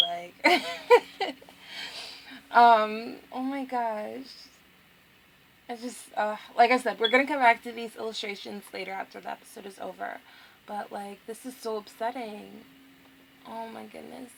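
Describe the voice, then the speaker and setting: A woman's voice: fairly high pitch, a little slow, creaky, long pauses, a bit bright, slight background noise. A young woman hosting a let's play, giving gushing, exclamatory commentary straight to her viewers. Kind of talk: emotional gameplay commentary.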